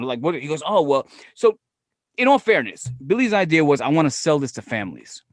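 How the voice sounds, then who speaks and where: A man's voice: a little high, a little fast, no room sound. A man telling wrestling stories in casual, profane podcast chat, often acting out what people said. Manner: profane, animated, quotes himself and others. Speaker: podcast guest. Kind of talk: casual storytelling.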